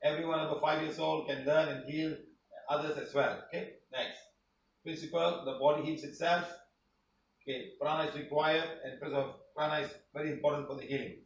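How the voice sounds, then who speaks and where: A man's voice: fairly high pitch, steady tone, a little fast, a little hiss or hum. A man teaching a healing class, rambling and repeating himself for emphasis. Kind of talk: online class presentation. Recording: roomy, distant, dull sound.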